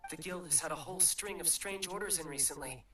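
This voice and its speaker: An actress voicing a respectful guild clerk in a game, speaking dutifully. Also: female voice, deep voice, fast, natural voice. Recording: distant echoey game audio with music.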